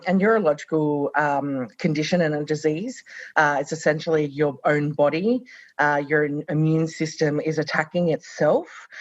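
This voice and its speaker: An Australian woman in her thirties appears as a guest on a conversational podcast interview, speaking reflectively with many fillers. Her voice is low-pitched, and the recording is dry with the highs cut off.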